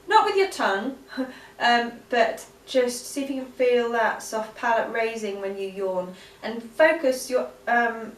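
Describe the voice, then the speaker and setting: A woman teaching vocal exercises in a relaxed, chatty way, with frequent ums. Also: a little high, measured pace. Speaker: singing teacher. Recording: echoey room, voice a bit far from mic.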